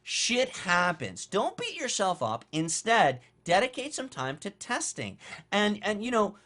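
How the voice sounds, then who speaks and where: A man coaching on online marketing in a casual, blunt monologue, animated and conversational, with offhand swearing. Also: sits high, a little slow.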